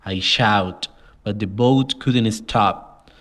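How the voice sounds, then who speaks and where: Slow, careful man reading aloud. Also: lowish voice, a bit bright. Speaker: reader. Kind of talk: slow audiobook reading for young learners.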